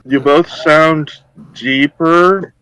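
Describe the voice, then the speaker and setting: A man's voice: on the high side, steady tone, drawn-out words, bright, forceful tone, clean tone, rough recording. A man playing an online tabletop game who talks hesitantly and apologizes often, over voice chat. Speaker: player.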